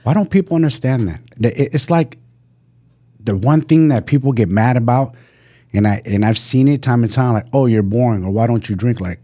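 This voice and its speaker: A man's voice: medium pitch, brisk, mellow. A man hosting a podcast interview, blunt and profane, ranting with fired-up conviction. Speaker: podcast host. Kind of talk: casual interview chat.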